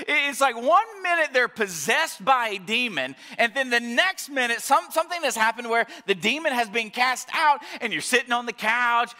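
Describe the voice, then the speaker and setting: A male pastor giving a chatty Mother's Day sermon, telling stories with frequent restarts and sometimes going soft and quiet. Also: extremely high pitch. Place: church service, also streamed online.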